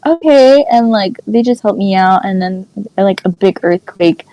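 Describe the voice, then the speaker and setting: A young woman co-hosting a podcast, telling a dream story in animated casual chat, full of "like" fillers. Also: mid-range voice, normal speed, poor audio. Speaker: podcast co-host.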